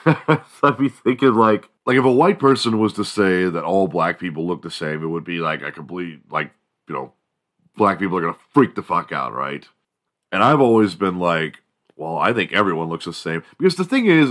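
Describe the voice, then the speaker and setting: A man in his forties with a deep, low voice, rambling through a solo monologue. His talk is loose, laid-back and full of swearing, drifting from one story to the next. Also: fairly bright tone. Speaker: podcast host.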